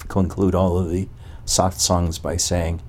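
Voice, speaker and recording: A man's voice: low-pitched, little pitch movement, a little slow, slight background noise. A man as a spiritual teacher, giving a talk to a gathering and asking one probing rhetorical question after another.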